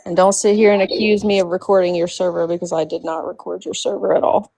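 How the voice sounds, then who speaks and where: Defensive woman with a lowish voice. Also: little pitch movement, fast, creaky, warm tone, no room sound, poor audio. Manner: defensive, insistent, swearing. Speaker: participant in a live-stream group chat. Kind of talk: live-stream argument.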